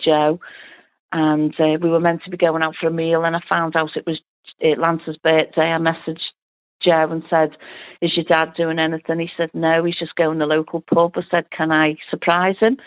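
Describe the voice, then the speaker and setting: A woman's voice: deep voice, completely flat delivery, normal speed. A middle-aged woman with a Liverpool accent, telling her family story in an interview, chatty and full of quoted dialogue. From Liverpool, England. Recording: tinny phone-like audio.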